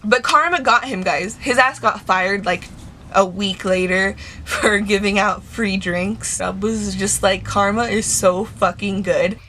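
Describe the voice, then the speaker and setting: A woman's voice: medium pitch, a little slow, pushed and bright, a little hiss or hum. A young woman vlogger telling a storytime tale in casual chat, swearing a lot and retelling it with animation. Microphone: camera mic.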